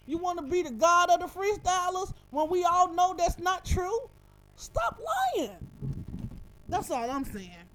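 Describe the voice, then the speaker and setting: A woman's voice: extremely high pitch, animated, normal speed, hardly any pauses, fairly bright tone. A woman hosting a radio show, breaking down a rap verse in emphatic, profane casual commentary full of rhetorical questions.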